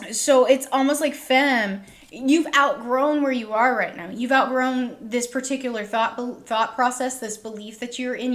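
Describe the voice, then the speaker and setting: A woman giving a tarot reading to her viewers, reassuring them and checking in with a frequent "okay?" as she explains the cards. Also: fairly high pitch. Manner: reassuring, repeats "okay?" often, acts out listeners' worried thoughts. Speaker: tarot reader.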